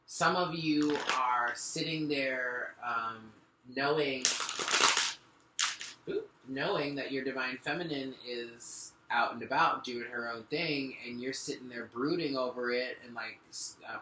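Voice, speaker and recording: A man's voice: medium pitch, a little slow, noisy background. A man giving a spoken tarot reading, talking earnestly and directly to the listener while shuffling and laying out cards. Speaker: tarot reader. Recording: echoey room.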